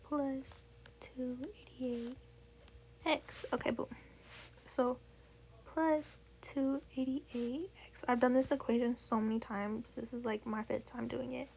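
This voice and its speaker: A woman's voice: on the high side, creaky, a little mellow, slight background noise. A young woman tutoring math casually, chatty and profane, often dropping to a whisper while she works out numbers. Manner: chatty, swears, slips into whispers while calculating. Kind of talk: casual tutorial over a tablet screen.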